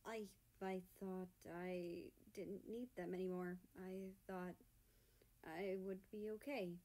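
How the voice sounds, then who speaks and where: A woman's voice: medium pitch, steady tone, a little slow, lightly acted. A woman voicing a timid, tearful man. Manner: quiet, hesitant, stammering. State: hoarse and tearful.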